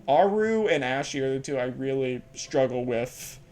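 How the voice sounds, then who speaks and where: A man's voice: mid-range voice, fairly quick, few pauses, darkish tone. A man casually commentating his gameplay, rambling and laughing at himself. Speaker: let's play host.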